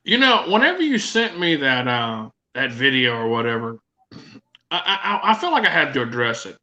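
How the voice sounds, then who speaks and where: A man's voice: medium pitch, very animated, normal speed, bright, forceful tone. A man hosting a podcast in casual chat, hesitant, with many restarts. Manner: hesitant, restarts before making a point. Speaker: podcast host. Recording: dull lo-fi sound.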